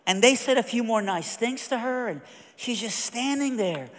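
A man preaching a storytelling sermon, acting out the people in his story and swinging from hushed to loud. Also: very high voice, lively intonation, moderate pace. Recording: echoey hall with long reverb.

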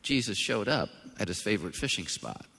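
A male pastor preaching a sermon in a relaxed, conversational way that swells into loud, high-pitched emphasis. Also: a little fast, vocal fry, slightly rough. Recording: long reverb of a large hall.

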